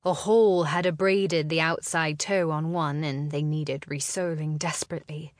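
A woman narrating a historical novel in a slow, measured reading. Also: low-pitched, fairly even intonation, no room sound, clean studio sound. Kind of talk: scripted narration.

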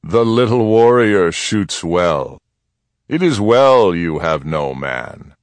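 A man voicing a grave, slow-spoken Apache chief. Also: low-pitched, animated, dry recording. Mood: grave, measured. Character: stern, measured older Apache chief.

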